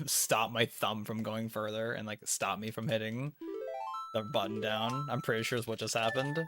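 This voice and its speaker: A man's voice: medium pitch, fairly bright tone. A young man livestreaming a speedrun, chatting casually in a rambling way, full of fillers and chuckling asides. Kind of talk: casual chat while speedrunning. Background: game music.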